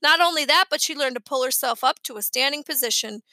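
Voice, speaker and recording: Woman reader, children's novel, high bright tone, dry close mic. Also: fast talker, no room sound. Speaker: audiobook reader. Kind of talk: reading a children's novel aloud.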